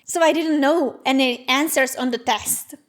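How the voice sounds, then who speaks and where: A woman's voice: high voice, measured pace. A young woman in her twenties hosting a casual vlog, chatty and self-deprecating, livening up as she tells stories. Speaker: channel host and student.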